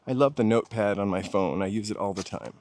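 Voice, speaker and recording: A man's voice: lowish voice, fast talker, a little mellow. A man with a General American accent, hosting a walking livestream outdoors on a city street and chatting casually while answering his viewers' comments. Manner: chatty, musing aloud, answering viewers' chat. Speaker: walking tour livestream host.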